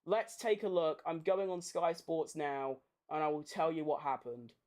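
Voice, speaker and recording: A woman commentating a race watchalong live, sweary and excitable. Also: low voice, normal speed. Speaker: streamer hosting a race watchalong.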